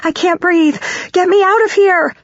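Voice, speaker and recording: A woman's voice: very high-pitched, fairly even intonation, a little slow, no room sound, pitched above the performer's own voice. A woman voicing a panicked young woman who screams and sobs breathlessly in terror. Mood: panicked screaming. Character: panicked young woman fleeing her attacker. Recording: dull, dry audiobook recording.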